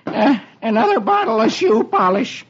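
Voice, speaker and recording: Beetle Bailey, a hapless army private. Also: male voice, very high voice, very animated, normal speed, breathy edge, exaggerated voice. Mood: plain. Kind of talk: 1950s radio comic reading. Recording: dull old radio broadcast with crowd noise.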